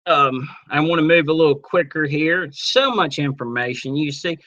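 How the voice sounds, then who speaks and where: A man teaching a webinar on network marketing, casual and energetic, acting out little sales dialogues as he goes. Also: on the high side, moderate pace, dull audio. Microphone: computer mic on a webinar.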